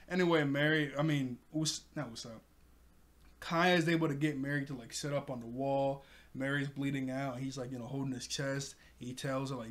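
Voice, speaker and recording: A man's voice: mid-range voice, fairly even intonation, normal speed, a bit bright. A man casually recapping an anime episode. He laughs often and keeps correcting himself as he goes. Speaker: anime reviewer.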